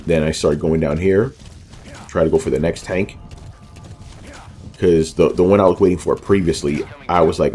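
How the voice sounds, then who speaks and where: A man's voice: sits low, steady tone, moderate pace, pauses often, mellow, slight background noise. A man giving casual commentary over a video game walkthrough, rambling loosely with lots of fillers and joking asides about himself.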